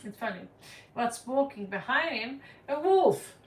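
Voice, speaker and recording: A woman's voice: on the high side, expressive, unhurried, slight background noise. A woman giving a casual tarot reading to camera, blunt and playful, laughing and repeating words for effect. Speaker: tarot card reader. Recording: echoey room, voice distant from the mic.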